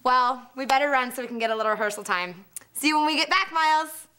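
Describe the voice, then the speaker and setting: A woman's voice: sits high, fast talker, pushed and bright, smooth. A woman cheerleader peppily addressing and encouraging students. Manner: peppy, leading students.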